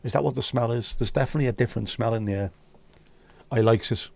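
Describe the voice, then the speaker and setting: A man's voice: medium pitch, racing, vocal fry, a little mellow, no echo. A man from the United Kingdom hosting a casual livestream chat, talking bluntly and swearing freely. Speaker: livestream host.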